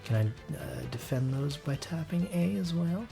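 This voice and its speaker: A man's voice: a little high, normal speed, creaky, mellow, soft background music. A man hosting a let's play, making dry, wry asides while he plays. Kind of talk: gameplay commentary.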